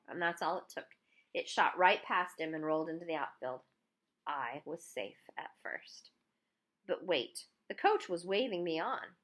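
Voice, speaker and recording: A woman reading a children's novel aloud in an expressive first-person narration. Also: mid-range voice. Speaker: audiobook reader.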